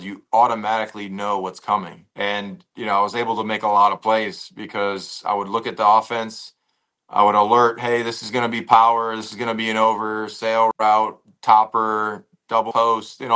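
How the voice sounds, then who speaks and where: A man's voice: on the low side, a little fast, rough recording. A man in his forties, a former pro football player, telling stories as an interview guest and acting out the exchanges he quotes. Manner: relaxed storyteller who acts out quoted exchanges. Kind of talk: interview storytelling.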